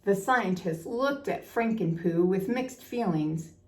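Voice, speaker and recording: An older woman narrating a children's storybook aloud, her reading lilting and expressive. Her voice sits at an ordinary middle pitch for a woman. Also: slow pace, slight background noise.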